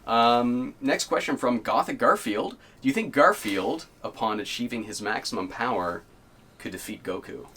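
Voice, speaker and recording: A man's voice: mid-range voice, moderate pace, fairly bright tone, slight background noise. Laid-back swearing young man podcasting. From Canada. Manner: laid-back, swears often, laughs between lines. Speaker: podcast host. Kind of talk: casual podcast chat.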